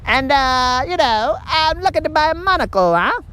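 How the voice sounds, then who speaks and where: A man's voice: very high-pitched, very animated, normal speed, bright, forceful tone, pitched above the performer's own voice, exaggerated voice. A man voicing a smug, folksy guy who brags and tacks on little tag questions. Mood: boastful. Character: smug folksy man bragging about money.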